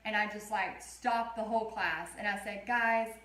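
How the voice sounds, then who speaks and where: Here a thirties-aged art teacher rambles through stories as she runs a relaxed live painting lesson, chatting all the way. She speaks at normal speed in a mid-range, fairly bright voice with a steady tone, and the room adds noticeable echo.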